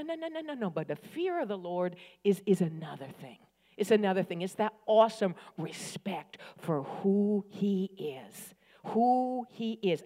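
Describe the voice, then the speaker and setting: A woman's voice: medium pitch, darkish tone. A middle-aged woman preaching a sermon, emphatic and repetitive, calling out for amens. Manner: emphatic, repeats phrases, calls for amens. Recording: reverberant hall.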